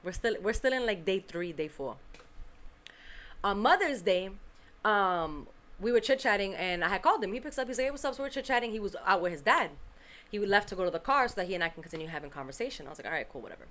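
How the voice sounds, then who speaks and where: A woman hosts a podcast and tells a story from her week in loose, casual chat. Her voice is bright and forward, and she acts out what people said with plenty of life. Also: medium pitch, fast talker. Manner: animated, acts out quotes, swears casually. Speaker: podcast host.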